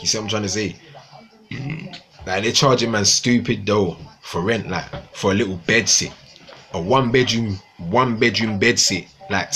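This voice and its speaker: A man's voice: fairly low pitch, a bit bright. A young man ranting casually to viewers on a livestream, swearing often and repeating himself. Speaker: livestream host.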